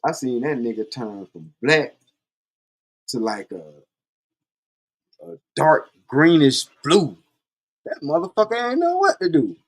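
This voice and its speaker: A man's voice: a little high, big pitch swings, slow, pauses often. Profane man telling stories. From Columbia, South Carolina. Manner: profane, blunt, laid-back storyteller. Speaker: podcast host. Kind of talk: casual storytelling monologue.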